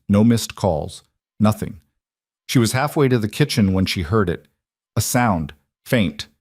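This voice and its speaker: A man reading a dramatic romance story as narrator, in an even storytelling manner. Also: fairly low pitch, no room sound, studio quality.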